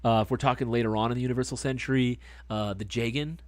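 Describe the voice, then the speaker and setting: A man hosting a livestream, chatting casually and rambling through stories with lots of swearing and excited gushing. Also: medium pitch, fast, no echo. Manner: profane, rambling storyteller; excitable, gushing about hobbies. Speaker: livestream host.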